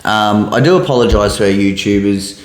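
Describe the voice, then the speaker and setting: An Australian man co-hosts a podcast in a laid-back, casual chat, rambling with plenty of fillers. His voice is on the low side with a steady tone, he speaks a little fast, and the recording sounds roomy.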